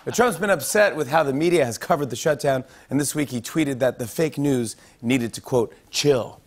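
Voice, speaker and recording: A man's voice: mid-range voice, moderate pace. A man hosting a late-night talk show, delivering a comedy monologue with punchy, playful emphasis before a live studio audience. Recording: studio audience laughter and noise.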